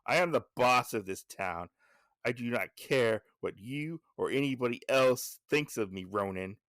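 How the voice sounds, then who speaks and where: Brief: arrogant gangster cat boss, blustering and threatening, gravelly, dry close sound, read by a man. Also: mid-range voice, lively intonation, a little slow, fairly bright tone, dry recording.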